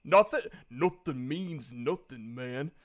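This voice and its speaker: A man impersonating a famous male pro wrestler doing a promo, with slow deliberate syllables, "yeah" tics and loud bursts. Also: medium pitch, animated, voice pushed down. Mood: intense.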